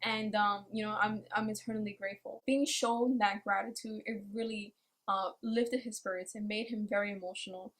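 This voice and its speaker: A woman reviewing anime speaks in a mid-range voice at normal speed, casually retelling what happened in an episode. Her account is profane and lively, with lines acted out as she narrates.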